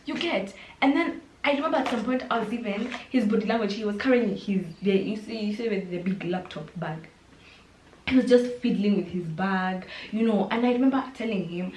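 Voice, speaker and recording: Animated young Kenyan woman, roomy sound. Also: on the high side, moderate pace, slight background noise. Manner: animated, mixes in Swahili and slang, acts out quotes. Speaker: vlogger. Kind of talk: storytime vlog, casual chat. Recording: roomy echo.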